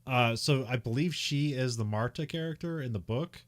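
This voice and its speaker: A podcast co-host with a mid-range voice, speaking at normal speed, recaps a film in casual chat. He rambles, using lots of fillers and little laughs.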